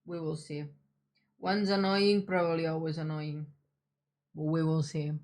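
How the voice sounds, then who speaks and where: A woman's voice: low-pitched, little pitch movement, a little slow. Woman streamer with dry asides. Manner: casual, dry sarcastic asides. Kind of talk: game playthrough commentary. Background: loud game music.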